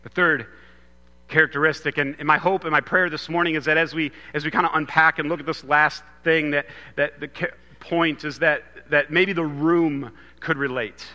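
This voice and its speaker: Guy preaching a sermon, bright voice, kinda chatty with lots of restarts, long echo in a big church hall. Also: fairly high pitch, steady tone, normal speed. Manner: conversational preaching with frequent restarts. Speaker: pastor.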